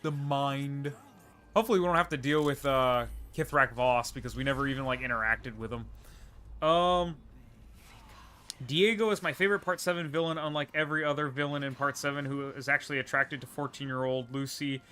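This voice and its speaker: A man's voice: medium pitch, a little fast, sharp tone, clear, resonant tone. A man streaming a video game live, chatting casually, laughing often and answering viewer questions as he plays. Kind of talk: livestream gameplay commentary and chat replies.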